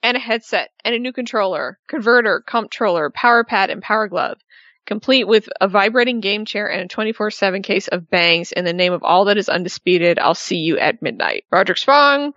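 A woman's voice: medium pitch, lively intonation, brisk, a bit bright, no echo. A woman co-hosting a casual podcast, chatting and reading tweets aloud. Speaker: podcast co-host. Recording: dull lo-fi dry recording.

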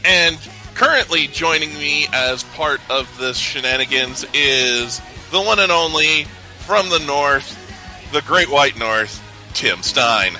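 Bright-voiced upbeat podcast co-host man. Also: fairly high pitch, animated, slow, faint music behind, low-quality recording. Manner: upbeat, opinionated ranting. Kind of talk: casual podcast chat.

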